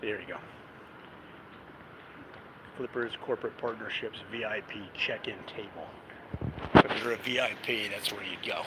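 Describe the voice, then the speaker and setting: A man's voice: lowish voice, normal speed, long pauses. A man chatting casually for his vlog while out on the street, rambling with lots of fillers and chuckles. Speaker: vlogger. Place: outdoors on city streets. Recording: loud outdoor street noise. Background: loud traffic and street noise.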